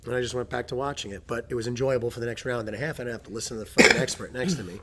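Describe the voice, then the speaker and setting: A man hosting a casual chat as a jiu-jitsu coach, telling stories with plenty of swearing and loud impressions of people. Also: mid-range voice, rapid-fire. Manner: profane, storytelling, imitates people loudly.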